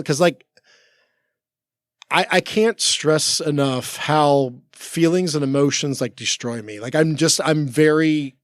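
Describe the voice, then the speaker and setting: A man in his forties from the United States tells stories as a studio podcast guest, in a slightly high voice. He rambles and restarts often, filling his talk with "like." The recording is dry and close, with no room echo. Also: unhurried. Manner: rambling, many restarts and "like" fillers. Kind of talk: casual storytelling chat. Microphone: studio mic.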